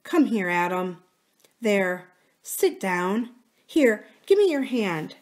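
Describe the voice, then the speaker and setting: A woman reading aloud and voicing a wounded, scheming young woman who speaks slowly and softly to coax. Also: mid-range voice, very animated. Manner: soft, slow, coaxing.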